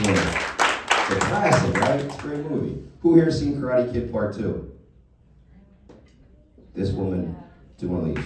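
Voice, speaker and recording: A man performing a profane, animated stand-up comedy set on a club stage. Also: mid-range voice, very echoey, distant mic, slight background noise, rough recording. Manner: profane, animated storytelling to a live crowd.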